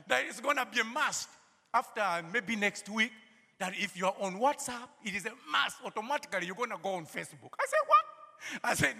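A male preacher with a very high, husky, gravelly voice, sharp and forceful in tone. He fills his sermon with "you know" and laughs between phrases, building to shouted calls. The sound rings with the long reverb of a church hall. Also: very animated, moderate pace. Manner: rises to shouting calls at peaks.

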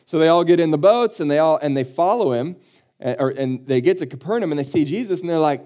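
A man's voice: on the high side, lively intonation, quick pace, mellow. A man pastor giving a casual, conversational sermon with joking asides, acting out the people he quotes.

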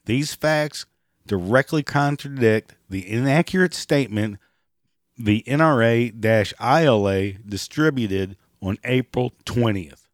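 Man, raspy hoarse voice, sarcastic ranting commentary, dry close sound. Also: medium pitch, lively intonation, a little slow, no room sound. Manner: profane and sarcastic, mocking. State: hoarse, clearing throat and coughing. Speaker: commentary vlogger.

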